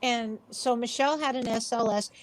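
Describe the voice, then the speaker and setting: A woman's voice: fairly high pitch, fairly even intonation, normal speed, a crowd in the background. Chatty woman telling ghost stories. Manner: rambling, chatty, acts out quoted voices. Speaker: paranormal investigator guest. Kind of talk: casual interview storytelling.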